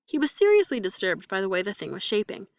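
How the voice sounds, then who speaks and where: Lady reading a mystery story aloud, steady and even, no room echo at all. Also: mid-range voice, fast, recorded from a distance. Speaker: audiobook reader.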